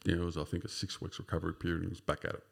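Rapid-fire and level in tone, this low voice with vocal fry belongs to an Australian podcast guest in his fifties. He rambles casually through his own story, leaning heavily on fillers like "sort of" and "you know."

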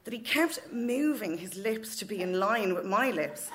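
A woman's voice: mid-range voice, expressive, a little slow. A woman in her thirties with an Irish accent, telling a funny story at a live open mic night, frank and swearing freely. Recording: noisy live venue recording.

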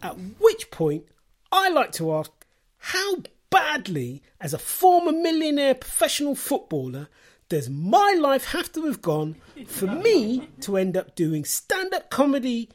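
Wry self-mocking comedian, lively pitch. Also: male voice, measured pace. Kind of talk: comedy podcast monologue.

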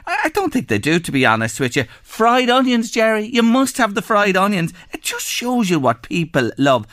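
Animated Irish radio host, man. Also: high voice, normal speed, no room sound, clean studio sound. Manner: animated, chatty, curious. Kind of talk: lively radio chat, reading listener texts. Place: radio studio.

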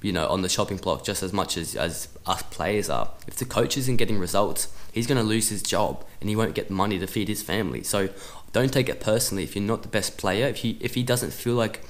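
Low-voiced man giving blunt coaching advice. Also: fairly quick. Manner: direct, coaching tone, acts out dialogue. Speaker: soccer podcast host. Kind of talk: motivational advice talk.

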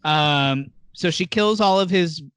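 Animated man recapping a show. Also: a little high, slow, clean tone, no room sound. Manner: animated storyteller, acts out characters' lines. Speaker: podcast host. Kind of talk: casual chat recapping a TV episode.

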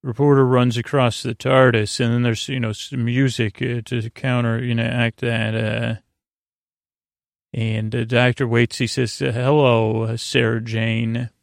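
A podcast host calmly retelling a TV episode for a sleep show, halting and unhurried with lots of pauses. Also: male voice, medium pitch, creaky, no room sound, studio quality. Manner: halting and unhurried, with many pauses and filler sounds; reads quoted lines in his own plain voice.

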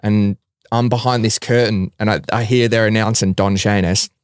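A man's voice: lowish voice, normal speed, clear, resonant tone, dry recording, clean studio sound. A young man, a professional fighter, telling stories casually in an interview and swearing now and then. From Australia. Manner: relaxed, swears casually, acts out others' lines.

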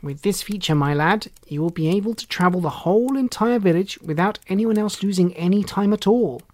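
A storyteller voicing a kindly old male elf elder who leads the elves, speaking slowly and patiently in a storybook read-aloud. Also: medium pitch, lightly acted. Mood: instructive. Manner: slow, measured, instructive.

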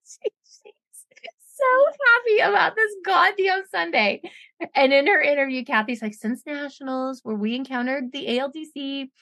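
A woman co-hosting a podcast, casually recapping a reality show in an animated, profane way, mimicking people and laughing often. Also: high-pitched, normal speed, no room sound. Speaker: podcast co-host.

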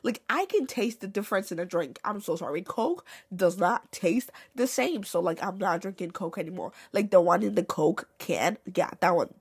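A young woman hosts her podcast in a loose, slangy chat, her voice breathy and a little husky. She talks animatedly and swings her pitch high and low as she goes. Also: lively intonation, normal speed, few pauses. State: recovering from a cold. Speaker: podcast host.

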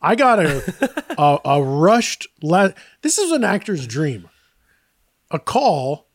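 A man's voice: fairly high pitch, very animated, slow, dry recording, studio quality. A man co-hosting a podcast, telling rambling, self-deprecating stories and laughing often. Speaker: podcast co-host. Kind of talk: casual chat.

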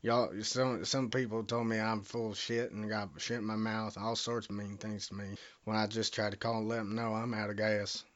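A man's voice: on the low side, little pitch movement, moderate pace, few pauses. A man with a Southern US accent making a prank phone call, rambling, bumbling and cursing as he talks. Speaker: prank caller.

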